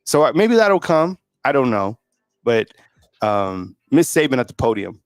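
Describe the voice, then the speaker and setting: A man's voice: mid-range voice, sing-song, unhurried, no echo, soft background music. A man hosting a football channel, talking casually and rambling with many fillers. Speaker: host of a college football channel. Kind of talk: casual sports talk.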